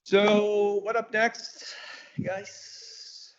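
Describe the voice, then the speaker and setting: A Brazilian man hosting a video call talk, speaking halting English with a Brazilian Portuguese accent. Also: high-pitched, level tone, a little hiss or hum. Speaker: host. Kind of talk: casual video call chat. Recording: slightly dull video call audio.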